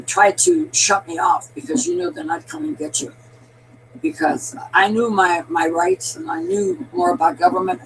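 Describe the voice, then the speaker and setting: A woman's voice: medium pitch, a little hiss or hum, low-quality recording. An older woman giving a rambling, emphatic political monologue, addressing listeners as her darlings. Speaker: political commentator.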